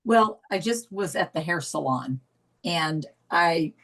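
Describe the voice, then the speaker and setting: A middle-aged woman telling her story as a therapy volunteer, tearful, halting and apologetic with many restarts. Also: fairly low pitch, animated, a bit bright, rough recording. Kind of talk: emotional personal account.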